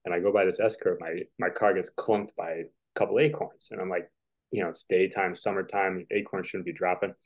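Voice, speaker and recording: A man's voice: low-pitched, fairly even intonation, brisk. A man in his forties, a guest on a video call, telling casual stories in a rambling way with lots of fillers. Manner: rambling, filler-heavy, chuckling. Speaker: podcast guest, tennis player. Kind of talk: casual storytelling. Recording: dull lo-fi call audio.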